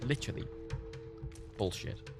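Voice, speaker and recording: A man chatting casually while streaming a video game, swearing freely and jumping high in pitch when indignant. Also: moderate pace, music in the background. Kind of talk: casual gaming stream chat.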